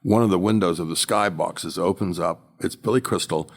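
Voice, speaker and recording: An older man, a former auctioneer, telling animated anecdotes as an interview guest. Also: deep voice, normal speed, vocal fry. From United States. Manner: animated storyteller, acts out quotes.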